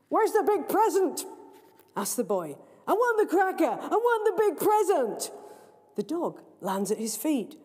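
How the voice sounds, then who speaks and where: A woman author reading her own story aloud, in a lively, playful storytelling manner, in a large library hall. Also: fairly high pitch. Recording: long reverb of a large hall.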